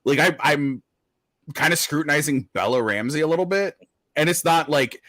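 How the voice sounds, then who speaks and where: A man's voice: fairly high pitch, animated, moderate pace, sharp tone, no echo. Rambling man in casual chat. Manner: rambling, swears, many fillers and restarts.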